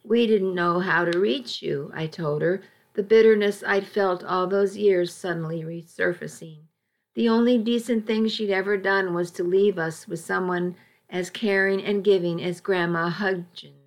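A woman reading a first-person story aloud in a measured, even storytelling delivery. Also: medium pitch. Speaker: audiobook narrator. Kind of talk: first-person scripted narration.

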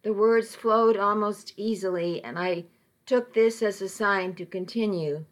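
Woman narrator, first-person novel, slow measured pace, intimate storytelling. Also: medium pitch. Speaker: audiobook narrator.

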